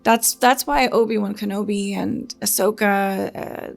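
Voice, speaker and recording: Gravelly-voiced woman reacting earnestly. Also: mid-range voice, steady tone, unhurried, soft background music. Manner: earnest, rambling, laughs nervously when upset. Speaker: reaction channel host. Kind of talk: casual reaction commentary.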